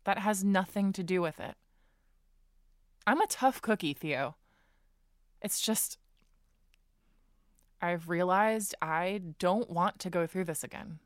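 A woman voices a determined woman in an audio drama, speaking very slowly and deliberately. Her tone is resolute and measured. The recording is dry and close. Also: lowish voice, no echo. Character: resolute woman quitting a show, content.

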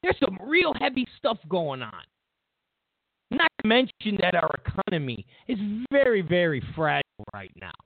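This male show host has a high voice at normal speed, delivering a mocking, emphatic political commentary monologue with animated, mocking asides. The sound is dry, tinny and phone-like, with no echo.

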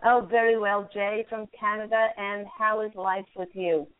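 A woman's voice: medium pitch, fairly even intonation, moderate pace. A woman hosting a call-in radio show, giving angel card readings in a soothing, encouraging way with frequent laughs. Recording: phone-like lo-fi line.

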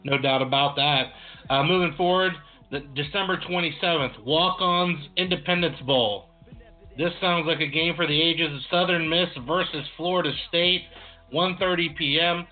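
On a tinny, phone-like line, a male sports podcast co-host chats in an easygoing way, dropping "uh" constantly. His voice runs on the high side at normal speed, and soft music plays in the background.

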